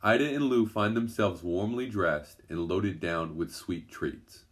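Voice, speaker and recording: A man reading a children's adventure story aloud in a gentle, even storytelling manner. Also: low-pitched, unhurried. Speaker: storybook narrator.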